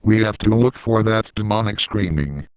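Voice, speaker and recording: A man reading the lines of a cheerful young cartoon boy who leads a team, in his own low, clear voice. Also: moderate pace, no room sound, close to an everyday voice. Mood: eager.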